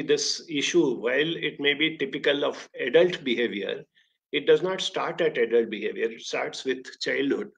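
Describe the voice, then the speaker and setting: A man with an Indian English accent, speaking at a medium pitch as a career counselor giving a motivational talk. He tells his stories expressively, his voice jumping up in pitch and volume and then dropping back. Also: creaky, dull audio. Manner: expressive storytelling with sudden rises in pitch and volume.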